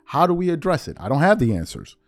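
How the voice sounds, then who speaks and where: Male host, earnest and reflective, stumbles and repeats words; very animated, dry booth sound. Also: fairly high pitch, quick pace, no room sound. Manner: earnest, repeats words when searching for them. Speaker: podcast host. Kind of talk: reflective solo commentary.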